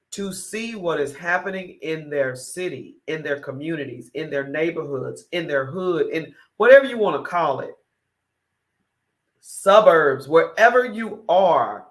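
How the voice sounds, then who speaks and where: A morning talk show host, a woman with a low-sitting voice, delivers an opinionated monologue. She is emphatic and repetitive, peppering it with rhetorical questions.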